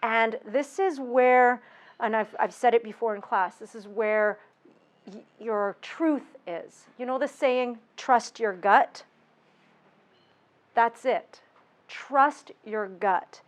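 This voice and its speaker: Woman, yoga teacher-training lecturer, chatty and informal, voice a little high, frequent restarts. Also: slow pace, poor audio. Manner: conversational, with many restarts and asides. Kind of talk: informal workshop talk. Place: retreat workshop room.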